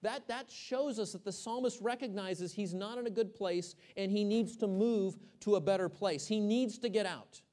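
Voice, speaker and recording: A man from Texas preaching a sermon to his congregation. He swings from loud emphasis to hushed, almost whispered phrases, asks the room questions and often repeats words as he restarts a thought. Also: sits high, normal speed, few pauses. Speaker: pastor.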